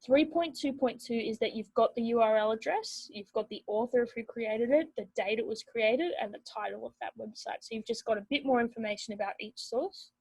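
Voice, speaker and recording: A young woman teacher walks students through a rubric, steady and explanatory, with plenty of ums. Her voice sits a little high and has a breathy, husky edge. It is recorded close and dry, with no room sound. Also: brisk, hardly any pauses, no room sound, rough recording. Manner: explanatory, steady, with many fillers.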